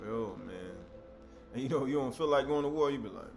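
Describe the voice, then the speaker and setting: A man preaching in a casual, conversational style, voice at an ordinary middle pitch. His delivery is animated and breaks into sudden loud outbursts. Faint music plays behind him. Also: brisk. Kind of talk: sermon.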